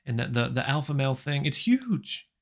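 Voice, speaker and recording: A man doing a hushed, pleading celebrity podcaster. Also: mid-range voice, sing-song, moderate pace. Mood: boastful. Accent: American. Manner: hushed, insistent, repeating himself. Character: famous middle-aged male podcaster, pleading and cagey.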